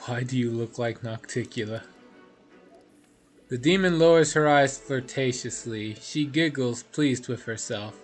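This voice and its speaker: A man's voice: medium pitch, a little slow, faint music behind. A man streaming a video game, reading its text aloud with laughing asides.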